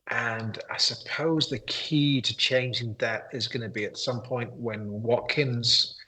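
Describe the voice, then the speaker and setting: A man's voice: mid-range voice, steady tone, unhurried, bright, forceful tone, poor audio. A man answering interview questions in a casual chat, thinking aloud with hesitations and restarts. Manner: thoughtful, hesitant, many ums and restarts. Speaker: guest, expert player.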